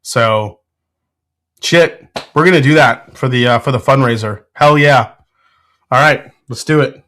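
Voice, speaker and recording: A man's voice: medium pitch, measured pace, long pauses, fairly bright tone. A man hosting a casual live stream from his home whiskey room, laughing often, swearing freely and answering chat. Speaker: whiskey show host.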